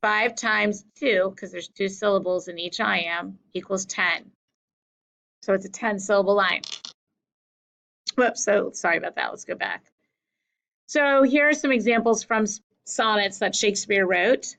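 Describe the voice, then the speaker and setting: A woman teacher giving a slow, deliberate lesson over slides, correcting herself now and then. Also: medium pitch, fairly bright tone, rough recording. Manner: slow, deliberate explaining with small self-corrections.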